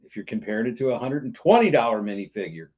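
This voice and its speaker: A man's voice: medium pitch, sing-song, quick pace. A man co-hosting a livestream, trading dry, joking banter while building. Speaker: co-host. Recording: muffled lo-fi stream audio.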